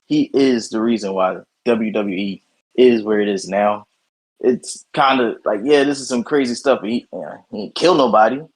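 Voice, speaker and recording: A man on a casual wrestling podcast, giving opinions slowly in a slangy way. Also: fairly low pitch. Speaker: podcast guest. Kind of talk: casual chat.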